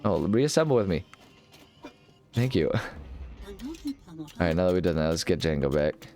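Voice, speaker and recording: A man's voice: low voice, lively intonation, a little fast, dark tone, soft background music. A man hosting a casual let's-play, rambling and joking at his own expense while sleepy and yawning. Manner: rambling, jokey and self-mocking. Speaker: gaming video host.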